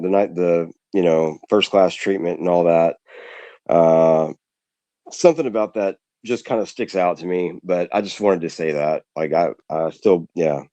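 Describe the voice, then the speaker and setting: A man co-hosts a stream in a rambling, hesitant way. His voice is very low. The sound is dry and close. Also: a little mellow, dry recording, lo-fi sound. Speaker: co-host. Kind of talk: casual live-stream chat.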